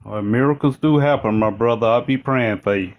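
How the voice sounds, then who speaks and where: A man's voice: mid-range voice, brisk, highs cut off. A Christian man calling in to a debate, polite and earnest, calling the host sir and brother. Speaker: Christian caller. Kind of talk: casual debate.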